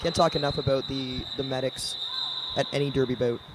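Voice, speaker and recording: A man's voice: mid-range voice, fairly even intonation, fairly quick, very noisy. A man doing live roller derby commentary, casual and informative about the play. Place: indoor arena.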